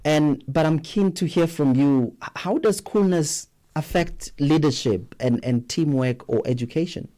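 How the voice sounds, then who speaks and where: Man, radio host, slightly higher pitch, warm tone. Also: unhurried, few pauses. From South Africa. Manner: hesitant questions with repeated words. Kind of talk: broadcast interview.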